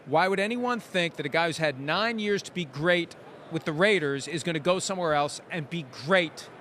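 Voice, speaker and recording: A man talks through a casual sports talk show with a dry, teasing wit. His voice sits a little high for a man. A faint noise runs under the recording. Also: moderate pace, fairly bright tone.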